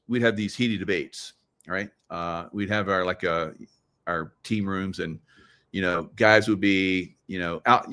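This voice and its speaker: A man's voice: on the low side, fairly bright tone. A middle-aged man hosting a casual livestream monologue in a conspiratorial tone. He talks straight to his viewers, asks them questions and laughs at his own jokes. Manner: conspiratorial, joking asides, laughs at own lines. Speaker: show host.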